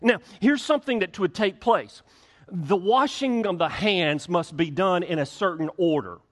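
High-voiced man preaching a sermon. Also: moderate pace, fairly bright tone. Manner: conversational preaching, acts out little dialogues. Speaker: pastor.

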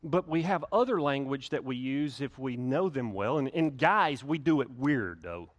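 Speaking at a moderate pace in a medium-pitched, animated voice, a male pastor gives his congregation a conversational sermon in the sanctuary. He frequently restarts and performs quotations aloud.

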